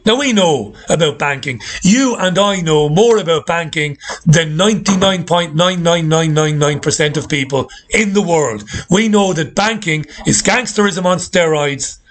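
A man's voice: a little high, normal speed, hardly any pauses. A middle-aged man hosting a talk show, ranting with sarcastic indignation. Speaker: host. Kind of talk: ranting commentary.

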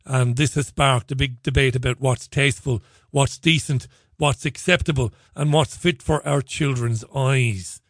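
A man's voice: medium pitch, steady tone, a little slow, hardly any pauses, no echo. A man hosting a radio show, talking in a chatty, sarcastic, jokey way between stories and listener tweets. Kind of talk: opinionated radio monologue.

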